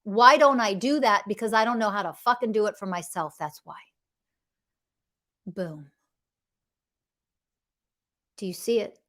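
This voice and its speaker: A woman's voice: medium pitch, measured pace, pauses often, pushed and bright. A middle-aged woman hosting a podcast, speaking bluntly and emphatically about emotional health and swearing freely. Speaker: podcast host.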